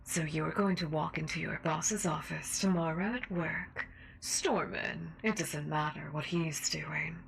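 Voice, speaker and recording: A woman voicing a cruel, manipulative female radio call-in host in a slow, domineering whispered role-play. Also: deep voice, vocal fry, slight background noise, low-quality recording.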